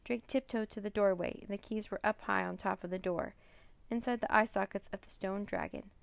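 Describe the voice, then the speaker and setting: Gravelly-voiced woman reading a storybook. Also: mid-range voice, a little fast, dry recording. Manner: steady, plain reading. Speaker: narrator. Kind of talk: storybook read-aloud.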